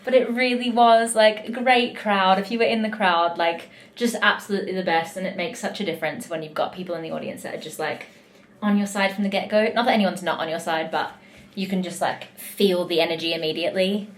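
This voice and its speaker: A woman's voice: medium pitch, brisk. A young woman in casual vlog chat, talking in a gushing, heartfelt way as a musical theatre performer backstage.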